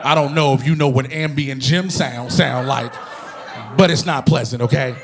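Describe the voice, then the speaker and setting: A man performing a stand-up comedy routine on stage, telling animated, profane stories and bursting into shouted impressions. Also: mid-range voice, moderate pace, over music. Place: comedy stage before a live audience.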